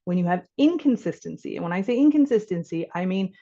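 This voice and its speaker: A woman's voice: on the low side, lively intonation, fast talker, warm tone, lo-fi sound. A woman physician giving an informal workshop talk to caregivers, conversational and acting out little dialogues.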